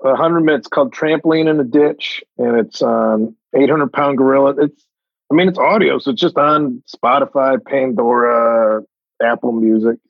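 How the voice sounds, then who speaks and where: A man's voice: mid-range voice, steady tone, normal speed, vocal fry, no room sound, muffled recording. A man who is a comedian guest, joking and swearing in casual chat.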